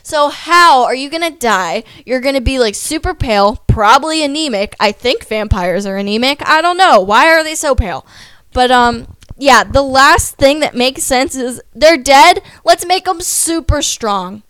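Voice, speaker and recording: A young woman chats to her viewers in a loose, rambling vlog, dropping "like" into nearly every sentence and poking fun at herself. Her voice sits a little high and sounds smooth and clean. The recording is dry and close, with no room sound. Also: animated, normal speed, a bit bright, dry recording. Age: young adult. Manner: rambling, many "like" fillers, self-deprecating asides. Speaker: vlogger. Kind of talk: casual chatty vlog.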